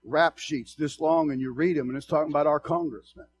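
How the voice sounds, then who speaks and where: High-voiced impassioned male preacher. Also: steady tone, a little fast, gravelly, a little hiss or hum. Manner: impassioned, swinging between loud exhortation and low, confiding asides. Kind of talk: sermon.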